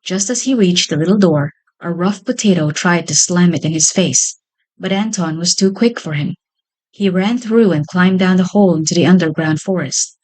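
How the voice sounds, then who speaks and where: A woman's voice: on the low side, normal speed, darkish tone, poor audio. Woman reading a children's story.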